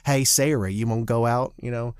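A man's voice: mid-range voice, steady tone, fairly quick, darkish tone, clear, resonant tone, dry recording, studio quality, natural voice. A man putting on a brash New York gambler with a put-on New York accent and a showy come-on manner. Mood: cocky.

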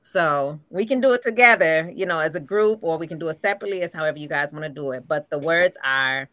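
A woman co-hosting a podcast for actors, patiently explaining vocal warm-ups with many fillers. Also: sits low, fast, few pauses, dry recording. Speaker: podcast co-host.

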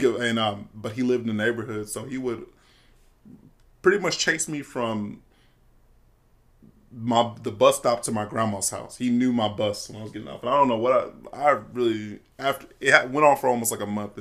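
A man's voice: mid-range voice, a little fast, a bit bright. A young man in casual chat, telling stories loosely with lots of fillers and restarts. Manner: loose storytelling, lots of fillers and self-interruptions.

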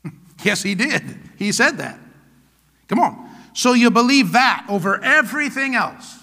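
Emphatic male pastor preaching, high bright voice, echoing church hall. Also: sing-song, unhurried. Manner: emphatic, repeats "come on now" and "hello?". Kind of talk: sermon.

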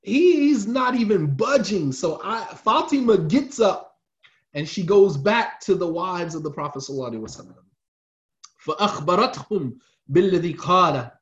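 A man's voice: sits high, expressive, fairly quick, muffled recording. A man telling a religious story in a casual, slangy lecture style, repeating lines for emphasis.

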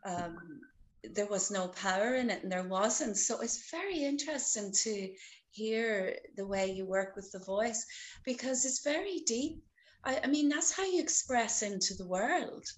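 A woman's voice: a little high, animated, a little slow. Woman podcast host, reflective and conversational, repeats words as she thinks.

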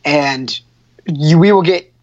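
A man's voice: fairly high pitch, slow, darkish tone. Chatty man telling a story, muffled. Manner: laughs often, many restarts and fillers. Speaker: radio show producer. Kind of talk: casual storytelling. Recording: muffled lo-fi sound.

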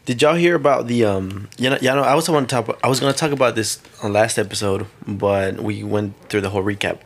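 A man's voice: lowish voice, a little fast. A young man co-hosting a podcast, reading listener questions and rambling loosely in casual chat. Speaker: podcast co-host.

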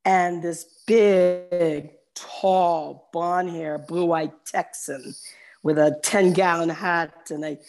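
A woman's voice: lowish voice, a little mellow. A woman chatting casually as a guest, rambling through stories and laughing easily. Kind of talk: casual chat and joke telling.

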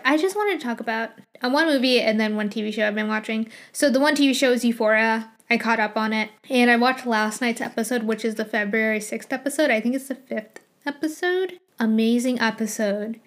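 Young female solo podcaster, bubbly and gushing, slightly high-pitched. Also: fairly bright tone. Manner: chatty, gushing, laughs often. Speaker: podcast host.

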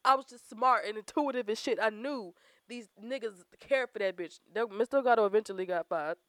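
A woman's voice: fairly high pitch, brisk, fairly bright tone, dry recording. A young woman tells blunt, profane stories in casual chat, laughing along the way. Her voice is recorded dry and close.

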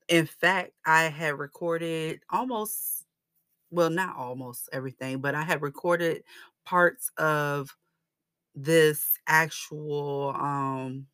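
Woman, podcast host, faith talk, low voice, slow and deliberate, dry close sound. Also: pushed and bright, clear, resonant tone, no echo. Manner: earnest, conversational, emphatic when declaring faith. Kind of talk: casual faith-based podcast monologue.

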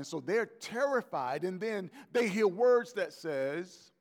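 A man's voice: sits high, expressive, slow, few pauses. A man, the pastor, preaching a conversational sermon and acting out the voices of biblical figures.

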